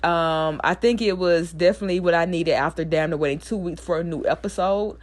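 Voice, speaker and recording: A young woman giving a blunt, animated recap of a TV episode, swearing freely. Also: fairly low pitch, a little fast. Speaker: TV recap vlogger. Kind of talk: casual profane show recap.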